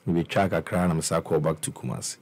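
In a casual interview, a young musician with a Ghanaian accent narrates his life story using both English and Twi. His very deep, darkish voice moves fairly quickly with fairly even intonation, full of restarts and repeated words.

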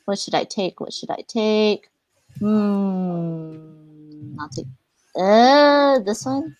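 A woman's voice: mid-range voice, very slow, a little mellow, dry recording. A woman hosting a board game stream, chatting casually, thinking aloud and laughing often. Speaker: streamer host.

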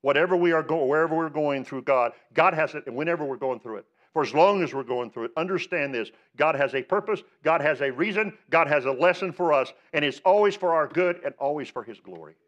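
A man's voice: fairly high pitch, expressive, fairly quick, few pauses, fairly bright tone, dull audio. A male pastor preaching a sermon, emphatic, asking rhetorical questions and rising on the words he stresses.

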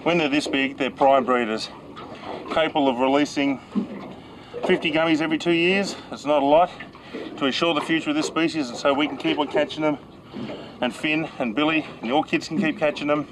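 An Australian man hosts a fishing show from a small boat on open water, chatty and excitable, his voice sitting a little high. Water and boat noise run clearly behind him on this outdoor recording. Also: fairly quick. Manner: enthusiastic, chatty, exclaims and laughs.

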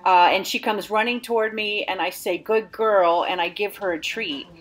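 Fairly quick and a bit bright, this mid-range female voice belongs to a dog trainer teaching an at-home obedience lesson. She's upbeat and friendly as she explains every step for an instructional video.

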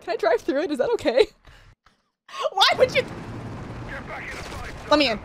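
A young woman streaming a shooter game, chatting casually, laughing and talking back to the game with sudden excited yelps. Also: very high-pitched, unhurried, a little hiss or hum. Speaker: streamer playing a shooter campaign. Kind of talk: casual let's-play commentary.

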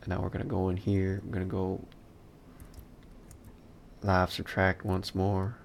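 Unhurried, gravel-voiced male instructor talking through his live modeling session, faint hiss in the recording. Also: sits low, completely flat delivery. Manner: muttering, self-talk, dry asides while working. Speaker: 3D modeling instructor streaming a class. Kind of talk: casual live-stream tutorial commentary.

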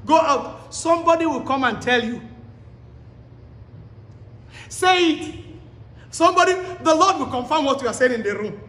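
A man preaching a sermon to a live congregation, pleading and exhorting with shouted, repeated commands and quizzing the listeners directly. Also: extremely high pitch, expressive, normal speed, long pauses. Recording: echoey hall with long reverb.

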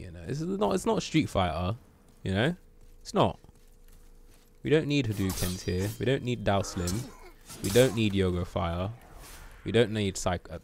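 A man giving lively commentary on his game during a live stream, full of exclamations, sound effects and swearing. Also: fairly low pitch, vocal fry, slight background noise.

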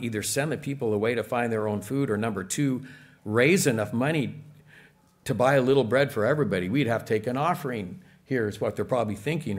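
A man preaching a sermon in a church, conversational and full of rhetorical questions to the congregation. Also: medium pitch. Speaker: pastor.

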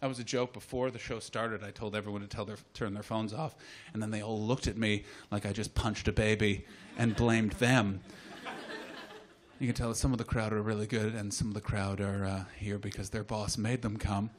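A Canadian man hosting a live comedy chat show, joking loudly, then dropping into muttered asides. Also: lowish voice, flat delivery, a little fast. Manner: loud, jokey, swings between shouting hype and muttered asides. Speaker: host. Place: live comedy venue with audience.

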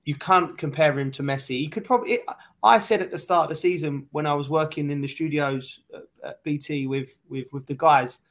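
Brief: man in his forties, football pundit, eager, stumbling, voice sits a bit high. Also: brisk. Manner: stumbling restarts, excited and chatty. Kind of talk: casual chat on a video call.

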